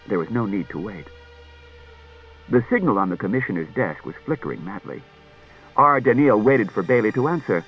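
A man's voice: fairly low pitch, fairly bright tone, lo-fi sound. A man reading a novel aloud as an audiobook narrator, telling the story expressively. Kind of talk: scripted narration.

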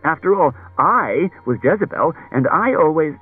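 A man's voice: a little high, animated, moderate pace, breathy edge, no echo, voice pushed up. A man reading an audiobook, voicing a chatty, anxious wife who tells stories in a rambling, roundabout way, on a dull lo-fi recording. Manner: rambling, circuitous storytelling.

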